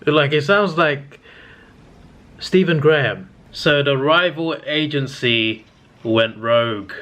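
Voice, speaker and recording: A man's voice: a little high, slow, a bit bright. Rambling man reviewing a movie. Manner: rambling, with frequent fillers and restarts. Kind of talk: casual movie reaction chat.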